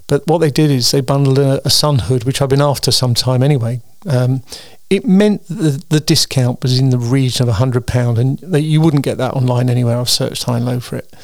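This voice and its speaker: Gravelly, tired man rambling. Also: mid-range voice, fairly quick, hardly any pauses, darkish tone, no echo, clean studio sound. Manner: chatty, meandering, with frequent ums and restarts. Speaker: host of a weekly solo show. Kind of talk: casual rambling monologue.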